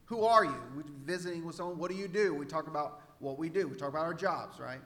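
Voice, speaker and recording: A man's voice: fairly high pitch, quick pace, a bit bright, big-room sound. A man from Central Texas with a Texan accent, preaching a sermon as pastor in a conversational way, repeating rhetorical questions. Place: church sanctuary.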